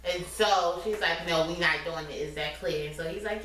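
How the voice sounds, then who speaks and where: A woman's voice: fairly low pitch, fairly bright tone. A woman in casual chat, retelling a TV episode bluntly with quoted lines. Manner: fast, blunt, swearing, acting out quotes. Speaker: podcast co-host. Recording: echoey room, far from the mic, faint noise.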